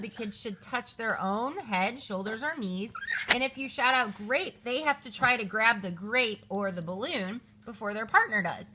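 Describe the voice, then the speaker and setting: A woman in her thirties with a bright, slightly high voice walks volunteers through a children's lesson in a chatty, practical way. She records at home, and faint household noise sits under her voice. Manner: chatty, stops to correct her children mid-explanation. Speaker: children's ministry leader.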